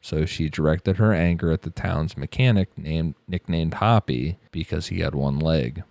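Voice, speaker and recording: A man's voice: very deep voice, moderate pace, creaky, darkish tone, no room sound. A man narrating a true crime case on a podcast, with blunt, profane asides.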